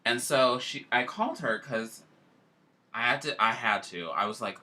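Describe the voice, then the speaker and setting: A man hosting a casual chat, telling a story in an animated, emotional way. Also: medium pitch, moderate pace.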